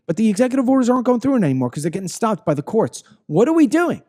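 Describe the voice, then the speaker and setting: Man, show host, high voice, very animated pitch, heated profane rant, stammers when riled. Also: racing, few pauses. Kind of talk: political commentary show.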